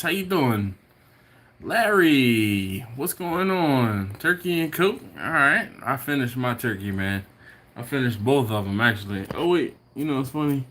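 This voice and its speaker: This man's voice is medium in pitch and a bit bright. He's hosting a casual barbecue livestream from home, chuckling as he reads comments and greeting viewers by name.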